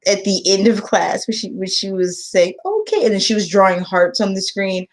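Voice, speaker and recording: A woman's voice: mid-range voice, little pitch movement, moderate pace. A woman who tutors English online, telling a story to camera in casual chat and acting out the quotes. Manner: emotional storytelling, acts out quotes.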